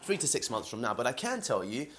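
A man's voice: medium pitch, very animated, fast, a bit bright, a little hiss or hum. A man from London with a London accent, talking through a casual solo podcast in a home, rambling with many fillers and restarts. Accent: London English. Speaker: podcast host. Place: indoors in a home kitchen while boiling eggs.

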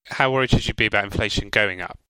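A man's voice: on the low side, fast, bright, forceful tone, smooth, no room sound, poor audio. A man co-hosting a casual chat about personal finance, quizzing his partner in an upbeat game-show manner. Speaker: co-host.

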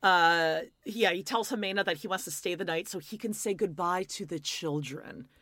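Woman co-host, low voice, dry close sound, blunt and sweary recap chat. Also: moderate pace, a bit bright, no room sound. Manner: blunt, swears freely, acts out quotes. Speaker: podcast co-host. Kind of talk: casual chat recapping a reality show.

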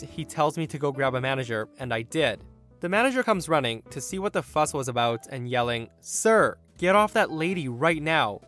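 A man hosting a podcast, narrating a story in an animated, indignant way and acting out the people in it. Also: a little high. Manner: animated, indignant retelling with quoted voices. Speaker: podcast host.

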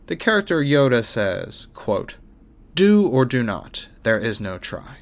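A man's voice: lowish voice, fairly bright tone. A man hosting his own sports podcast, reading a wry, self-mocking script with jokey asides. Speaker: podcast host. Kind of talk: scripted monologue.

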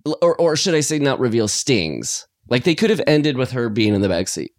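A man co-hosting a podcast, chatting casually about a horror film in an excitable, rambling way with sudden jumps in pitch. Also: fairly quick, no room sound, studio quality. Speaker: podcast co-host. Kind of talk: casual film review chat.

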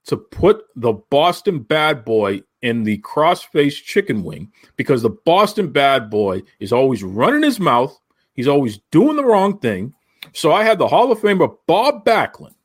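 Teasing, lively male podcast host. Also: a little high. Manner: teasing, boastful. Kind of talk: joking podcast banter.

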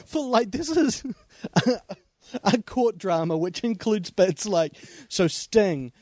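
A man co-hosts a joking movie review chat. His voice sits high, and he keeps breaking into laughter and side remarks. The sound is dry, with no room around it. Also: lively intonation, slow, a little mellow, dry recording. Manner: laughs often, jumps between asides. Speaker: podcast co-host.

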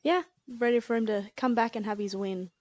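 Relaxed woman, dry close sound. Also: on the high side, a little fast, no room sound. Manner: relaxed, chatty, laughs easily. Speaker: podcast guest tipster. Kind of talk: casual racing tips chat.

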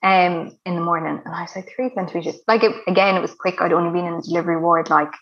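Woman in her 30s rambling thru a story, lots of like and you know, lowish voice, kinda dull lo-fi sound. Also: steady tone, fast talker, fairly bright tone. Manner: chatty, full of "like" and "you know" fillers. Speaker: guest sharing a birth story. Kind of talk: casual storytelling. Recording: dull lo-fi recording.

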